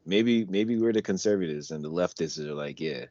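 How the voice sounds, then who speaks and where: A man with a low voice co-hosts a casual podcast, arguing his point with animated energy and sometimes reading lyrics aloud. He speaks at a normal speed, and the audio is dull with no echo.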